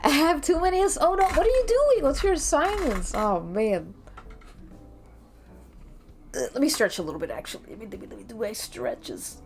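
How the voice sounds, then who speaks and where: A woman's voice: high-pitched, expressive, moderate pace. Chatty Latina woman streaming with music. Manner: chatty, playful, greets chat. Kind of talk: casual stream chat. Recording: faint background music.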